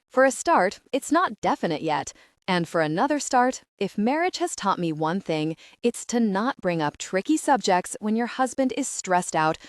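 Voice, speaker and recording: A woman narrates a comedy audiobook in the first person, gushing and excitable. Her pitch swings widely as she reads. The recording is dry and close to the mic. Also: no room sound.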